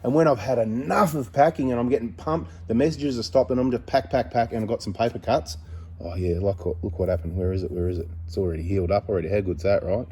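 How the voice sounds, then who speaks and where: A man's voice: on the low side, fast talker, dark tone, slight background noise. A middle-aged man running a parts business, talking casually to camera in a blunt, rambling way. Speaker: mechanic and parts seller. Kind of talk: casual vlog talk to camera.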